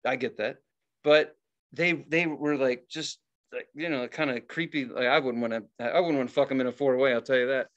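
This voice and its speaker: A man co-hosting a podcast, telling a story in a casual, profane and animated way and acting out the people in it. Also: mid-range voice, moderate pace, highs cut off. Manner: profane, animated, acts out quoted voices. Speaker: podcast co-host.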